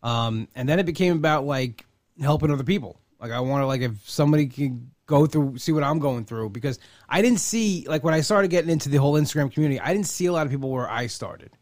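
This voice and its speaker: A man's voice: on the high side, animated, fast talker, a little mellow, dry recording, studio quality. A man hosting a casual conversation, telling rambling, self-deprecating stories.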